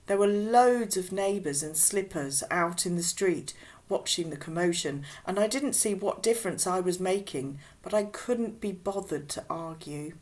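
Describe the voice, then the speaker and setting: A woman reading a children's novel aloud with expressive, unhurried storybook narration. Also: fairly low pitch. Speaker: audiobook reader.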